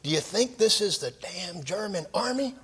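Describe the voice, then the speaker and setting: A man voicing a gruff Marine gunnery sergeant who scolds and barks orders. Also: high voice, expressive, moderate pace, fairly bright tone, in a large hall, voice pushed up, full character voice. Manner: bellowing, cussing, scolding.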